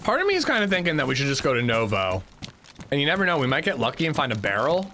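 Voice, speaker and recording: A man's voice: medium pitch, wildly swooping pitch, quick pace, bright, forceful tone, slight background noise. A man streaming a survival game, chatting casually and thanking viewers, stammering when flustered and drawing out names as he reads them. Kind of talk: casual livestream gameplay commentary.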